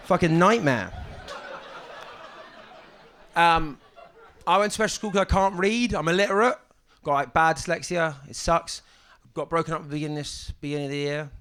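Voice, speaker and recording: A young man with a fairly high voice does a stand-up set at a comedy club mic. He talks in a halting, deadpan way, often stopping on ums and restarting sentences.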